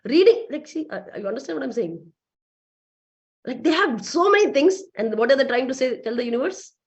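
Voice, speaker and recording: A woman giving a lively motivational talk to a business team, asking rhetorical questions. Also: high voice, a little fast, highs cut off. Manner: lively, acts out quoted voices, rhetorical questions. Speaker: motivational speaker.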